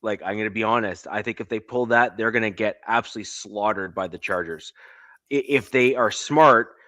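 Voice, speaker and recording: A man's voice: on the low side, brisk, bright, forceful tone, no room sound. A man from Canada co-hosting a casual sports podcast, opinionated and repeating himself to make a point. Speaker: podcast co-host.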